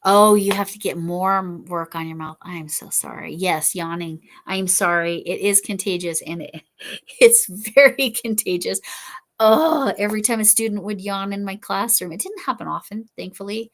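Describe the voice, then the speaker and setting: A woman's voice: medium pitch, moderate pace. A middle-aged woman hosting a casual crochet livestream, rambling and apologetic as she answers viewer comments. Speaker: livestream host. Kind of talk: casual chat while crocheting.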